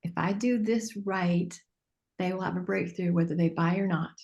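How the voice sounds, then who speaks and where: A woman, a business mentor coaching a group on a call, earnest and animated, acting out bits of dialogue. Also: lowish voice, moderate pace, gravelly, lo-fi sound.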